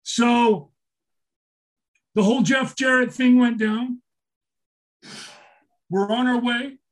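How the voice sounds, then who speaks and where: A man's voice: extremely high pitch, fairly even intonation, takes it slowly. An older man telling a story in casual talk, swearing a lot, getting emotional and restarting his sentences. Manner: emotional, swears often, repeats himself. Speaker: storyteller guest.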